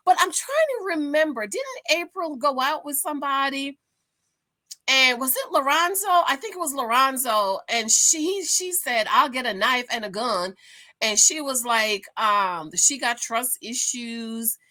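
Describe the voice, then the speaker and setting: A woman casually recapping a reality dating show to her viewers, animated and gossipy, calling them "girl". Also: high-pitched, a little slow.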